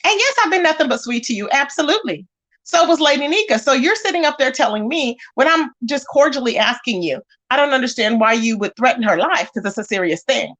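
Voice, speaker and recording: A woman with a high-pitched voice hosts a livestream, talking a little fast as she reads chat comments. Her casual commentary is animated, addressing chat directly and calling people out.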